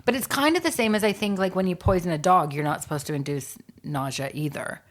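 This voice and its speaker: A woman co-hosts a relaxed podcast chat in a fairly low voice. She talks playfully, fills her lines with "like" and acts out her own reactions as quick asides. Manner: chatty, playful, lots of "like" and quoted asides. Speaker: podcast co-host. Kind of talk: casual chat.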